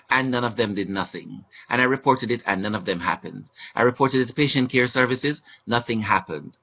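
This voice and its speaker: A man's voice: fairly quick, hardly any pauses. A man talking to his webcam, recounting his mistreatment as a hospital patient in an aggrieved, indignant manner. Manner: aggrieved, indignant, acting out quoted exchanges. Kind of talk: webcam testimony monologue. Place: indoors. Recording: dull low-fi webcam audio.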